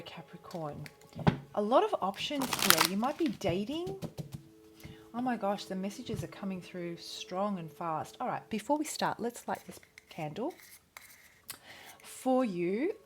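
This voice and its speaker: A woman's voice: medium pitch, slight background noise. An Australian woman reading tarot in a casual vlog, chatty and enthusiastic, often breaking off mid-sentence. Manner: chatty, enthusiastic, self-interrupting. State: out of breath. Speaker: tarot reader.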